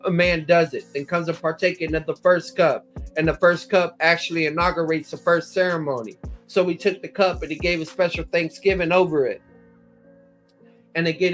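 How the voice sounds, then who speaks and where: A man's voice: a little high, a bit bright. A man lecturing on scripture, working methodically through passages and citing chapter and verse as he explains them. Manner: methodical, cites verse numbers, quotes passages aloud. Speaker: Bible teacher.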